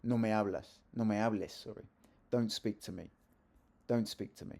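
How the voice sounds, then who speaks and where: A middle-aged man teaching a grammar lesson to camera, his low voice gravelly with fry and mellow in tone. He talks in a chatty, easygoing way, correcting himself mid-sentence and tossing in asides. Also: fairly even intonation, moderate pace. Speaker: Spanish teacher. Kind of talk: video lesson explaining grammar.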